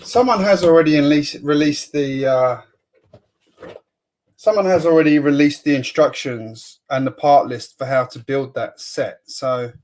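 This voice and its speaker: A man's voice: on the high side, measured pace, darkish tone. Chatty man live-streaming. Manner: chatty, greets chat viewers, mutters while sorting bricks. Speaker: host of a building live stream. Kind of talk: casual live-stream chat.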